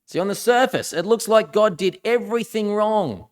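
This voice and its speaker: Minister guy preaching, higher voice for a man, chatty, reads the bible bits with punch. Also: animated, moderate pace. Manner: conversational preaching, reads scripture aloud with dramatic emphasis. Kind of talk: sermon.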